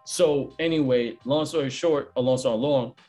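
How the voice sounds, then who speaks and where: A man who hosts events and does comedy, telling stories in a casual chat, animated and full of slang. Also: medium pitch, faint music behind. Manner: animated storyteller, fast slangy talk.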